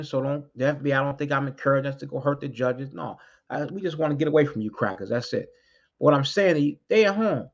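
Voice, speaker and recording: A man's voice: a little high, fairly bright tone. A man giving an impassioned address to his community, preaching bluntly, swearing freely and repeating key lines for emphasis. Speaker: community activist addressing street groups. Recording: dull lo-fi recording.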